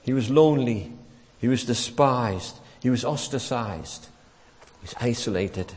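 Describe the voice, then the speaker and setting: A preacher delivers a sermon in a church, speaking at an ordinary middle pitch and an unhurried pace. He tells the story with lively emphasis and acts out the quotes, while a long hall reverb trails after his words.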